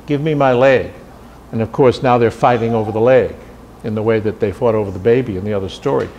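A man giving a seminar lecture on writing, thoughtful and loose, pausing often on fillers. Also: on the low side, fairly even intonation, mellow, slight background noise. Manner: thoughtful, with frequent fillers and restarts.

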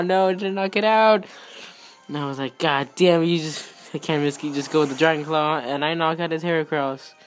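Young male gaming YouTuber, rambling, fast outbursts, higher-pitched, light music underneath. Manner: excitable, rambling, quick outbursts. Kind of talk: casual game commentary. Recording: faint music behind.

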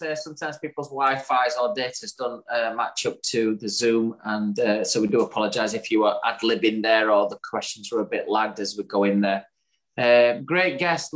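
A man's voice: medium pitch, moderate pace, a bit bright. A man, co-hosting a podcast in casual chat and wrapping up the episode with an upbeat summary. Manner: chatty, upbeat, wraps up with a summary. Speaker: podcast co-host.

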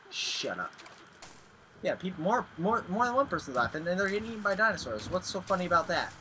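A young man commentating as he plays a horror game, excitable, with sudden yelps and shouts. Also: high-pitched, fairly quick, slight background noise. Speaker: gaming video host. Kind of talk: let's play commentary.

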